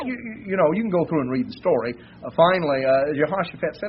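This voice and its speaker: A man's voice: mid-range voice, expressive, fast talker, hardly any pauses. Folksy preacher man with a dull, hissy recording. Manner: folksy storytelling, acting out the characters' speech. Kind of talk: sermon.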